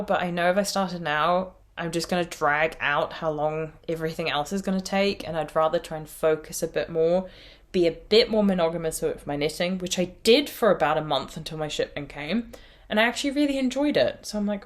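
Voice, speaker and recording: Irish woman, podcast host; easy, meandering, self-mocking chat in a lower register. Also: fairly quick, hardly any pauses. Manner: chatty, rambling, laughs at herself. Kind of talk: casual chat.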